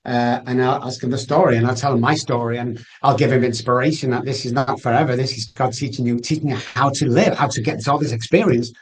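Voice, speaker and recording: As a podcast guest, a man earnestly tells emotional personal stories, acting out past conversations. His mid-range voice stays steady, moving quickly with few pauses.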